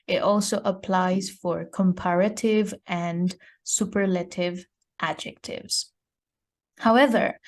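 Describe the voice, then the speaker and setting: A patient woman teaches grammar in an unhurried, measured way. She explains each rule step by step and keeps checking with her student before moving on. Her voice sits in an ordinary middle register. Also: mid-range voice. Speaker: English teacher. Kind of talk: online grammar lesson.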